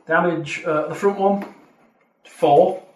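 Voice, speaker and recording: A man's voice: on the high side, steady tone, slow pace, a little hiss or hum. A man running a tabletop game as game master, calling dice results and playfully narrating with sound effects. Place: room around a gaming table. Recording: roomy room from a far mic.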